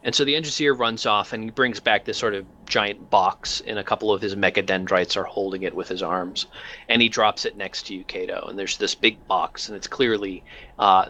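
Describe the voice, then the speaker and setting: Bright-voiced man running a tabletop game. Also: on the low side, fairly even intonation. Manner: halting, lots of fillers. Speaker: game master.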